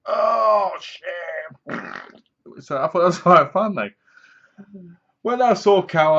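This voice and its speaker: A man's voice: on the high side, fairly bright tone. Man rambling through a plot on webcam. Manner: rambling, laughing retelling of a plot. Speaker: film reviewer. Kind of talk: casual film review vlog. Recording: dull lo-fi webcam audio.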